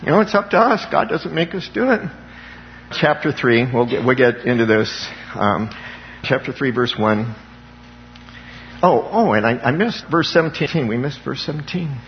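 A man's voice: medium pitch, expressive, normal speed, highs cut off, a little hiss or hum. A man preaching an impassioned sermon as a pastor, calling on the congregation for amens.

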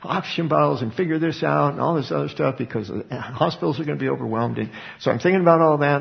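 A man's voice: mid-range voice, gravelly. A middle-aged man preaching a sermon in a conversational way, often restarting his words. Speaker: pastor. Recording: dull lo-fi recording.

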